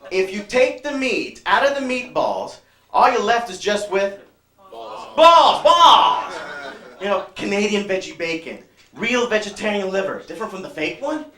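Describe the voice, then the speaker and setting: Stand-up comic from San Francisco, high punchy voice, roomy club mic. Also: male voice, lively intonation, normal speed. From San Francisco, California. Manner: loud, punchy, crowd-working delivery. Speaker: stand-up comedian. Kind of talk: stand-up comedy. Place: small comedy club stage.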